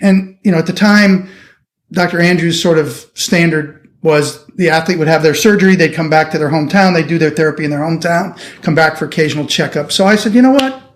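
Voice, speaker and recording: A middle-aged surgeon from the United States telling a lively anecdote in an interview, acting out the people he quotes. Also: a little high, a little fast. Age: 50s. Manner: animated anecdotal storytelling, acting out quoted voices. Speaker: orthopedic surgeon guest. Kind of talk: storytelling interview.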